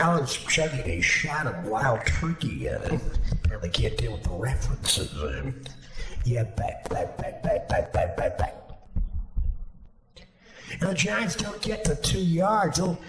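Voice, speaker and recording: Male comic riffing crude play-by-play, recorded in a roomy space with steady noise behind. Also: fairly high pitch. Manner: rapid riffing, crude jokes, mocking voices. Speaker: comedian doing mock sports commentary. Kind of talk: crude improvised comedy commentary. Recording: echoey room with background noise.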